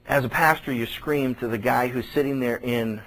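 A pastor preaching a sermon, animated, repeating phrases for emphasis and acting out the people he quotes. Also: medium pitch, normal speed, rough recording.

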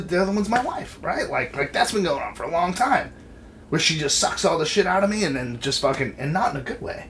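Thirtysomething guy swearing a lot, lively up and down voice, slight hiss behind. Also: fairly high pitch. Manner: animated, swears freely. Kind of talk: casual chat.

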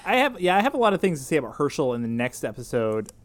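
A man's voice: fairly high pitch, sing-song, fast. A man co-hosting a podcast in casual chat, joking and rambling with many restarts. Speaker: podcast co-host.

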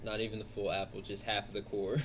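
A man's voice: lowish voice, little pitch movement, quick pace, a little hiss or hum. A man narrating a tabletop game as game master, joking and laughing as he goes.

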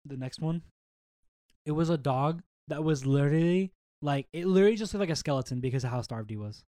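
A young man co-hosting a podcast, telling stories in a casual, animated way and swearing often. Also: fairly high pitch, brisk, dry recording. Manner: animated storytelling, swears a lot. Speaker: podcast co-host. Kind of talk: casual chat.

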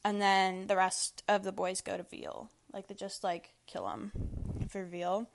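A woman's voice: mid-range voice, level tone, measured pace, creaky, slight background noise. A young woman hosting a casual monologue of opinions, blunt and profane, filling nearly every phrase with "like". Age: young adult. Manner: blunt, profane, filler-heavy with constant "like". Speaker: podcast host. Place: Washington State.

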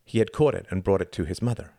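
A man reading an audiobook in a measured, deliberate scripted narration. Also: sits low, gravelly, warm tone, dry recording, clean studio sound.

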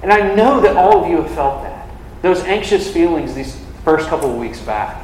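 Young male preacher, casual sermon voice, slightly high, filler-heavy, echoing hall. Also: animated, moderate pace, darkish tone, a little hiss or hum. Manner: conversational, frequent "like" fillers. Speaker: campus ministry preacher. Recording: echoey hall from a distance.

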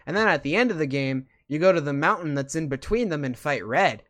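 A show host chatting casually and enthusiastically at a middle pitch. The talk rambles with plenty of fillers. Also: expressive, brisk. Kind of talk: casual chat about video games.

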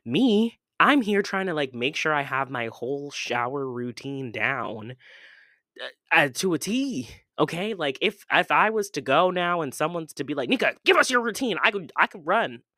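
A young woman hosting a casual podcast from home, chatting in a playful, rambling way with sudden loud jumps in pitch. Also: expressive, moderate pace, dry recording, clean studio sound. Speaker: podcast host. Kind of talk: casual solo podcast chat.

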